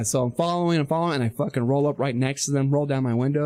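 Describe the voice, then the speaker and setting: A man's voice: medium pitch, quick pace. Foul-mouthed man ranting on a podcast. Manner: profane, animated storytelling, acts out quoted voices. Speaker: podcast host. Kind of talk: casual podcast chat.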